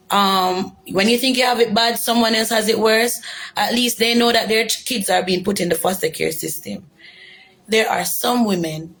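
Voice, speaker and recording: Young Jamaican woman with a gravelly voice, earnest and emotional first-hand testimony. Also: mid-range voice. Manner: earnest, emotional, repeats for emphasis. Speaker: former detainee telling her story. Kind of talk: personal testimony.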